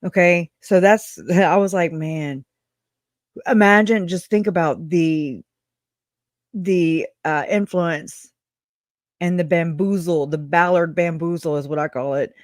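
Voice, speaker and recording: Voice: mid-range voice, steady tone, measured pace, no echo, studio quality. A commentator reacting to clips in a mocking, blunt way, swearing freely.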